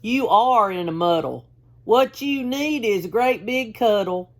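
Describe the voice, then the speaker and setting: A woman's voice: mid-range voice, animated, unhurried, pitched above the performer's own voice. A woman voicing a big, sad, lonely male bear in a storybook reading, whimpering and weepy. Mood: soothing.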